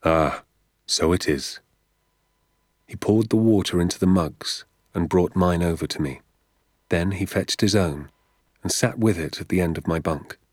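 A man reading a story aloud in a calm, measured narrating voice. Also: deep voice, no echo, clean studio sound. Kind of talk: audiobook narration.

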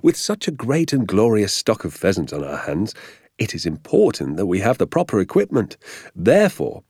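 A man voicing an excitable, boastful middle-aged father in an audiobook, exclaiming in a grand, theatrical way. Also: fairly low pitch, husky, no echo, studio quality. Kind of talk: audiobook character voice.

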